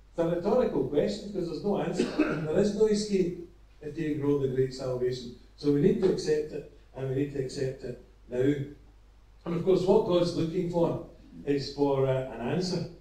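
Earnest preacher with a dark, echoey voice. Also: male voice, a little high. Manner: earnest, storytelling, with halting restarts. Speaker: evangelist preacher. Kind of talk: evangelistic sermon. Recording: echoey, from far off.

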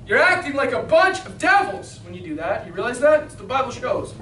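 A man preaching a King James sermon in a small church, reading scripture and exhorting with fervent, emphatic bursts of shouting. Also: extremely high pitch, very animated, a little fast, hardly any pauses. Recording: roomy hall, mic at a distance, faint noise.

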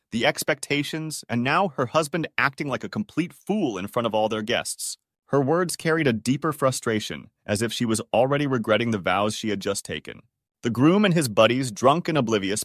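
A man's voice: mid-range voice, animated, normal speed, a bit bright, no echo. Man narrating stories in a dry voice. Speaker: story narrator. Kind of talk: scripted narration of online stories.

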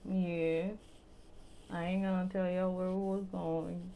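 Slow-talking New woman telling stories. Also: lowish voice, gravelly, slight background noise. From Brooklyn, New York. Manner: animated, laughs often, acts out voices. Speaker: vlogger. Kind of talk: casual storytelling to viewers.

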